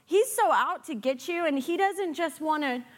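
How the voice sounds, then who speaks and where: A woman giving a sermon as a guest preacher, animated and playful, with sarcastic asides. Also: high voice, normal speed.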